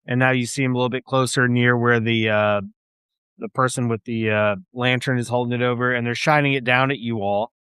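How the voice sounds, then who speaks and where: A man's voice: mid-range voice, steady tone, brisk, fairly bright tone, clear, resonant tone, no echo, studio quality. A man narrating as game master of a tabletop game, rambling with many fillers.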